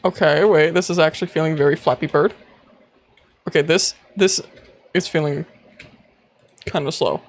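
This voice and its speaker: A man streaming live, chatting casually, excitable and quick to gasp, squeal and swear. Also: a little high. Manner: excitable, gasping and squealing with laughter.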